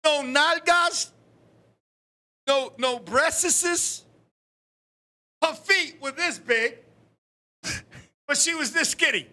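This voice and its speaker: A man hosting a casual live-streamed talk show, telling stories in an animated, profane way with frequent laughs. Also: very high-pitched, drawn-out words, pauses often.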